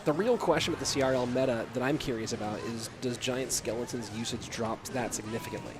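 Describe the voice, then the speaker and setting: An American man casting an esports match alone, talking quietly and musing aloud as he reads chat. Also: mid-range voice, brisk. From USA. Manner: quiet, subdued delivery to keep from waking a child; casual, musing, asks himself questions aloud. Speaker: esports caster. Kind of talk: solo esports commentary with chat reading.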